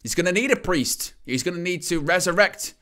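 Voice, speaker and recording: Running a live wrestling watch-along, a man with a bright, slightly high voice calls the match a little fast. He cracks jokes and laughs with the action, getting loud and excited whenever the crowd erupts.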